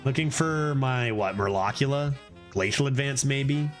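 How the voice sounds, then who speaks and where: Guy streaming a card game, chatty and excitable, faint music under him. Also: a little slow. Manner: excitable, thinks aloud, sometimes drops to a low put-on voice. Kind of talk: casual gameplay commentary.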